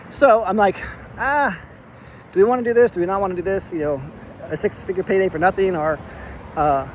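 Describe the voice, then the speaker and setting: A man in a casual vlog, retelling a phone argument in an animated, exasperated way and acting out both sides of the dialogue. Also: a little high, a little hiss or hum, poor audio. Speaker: real estate investor.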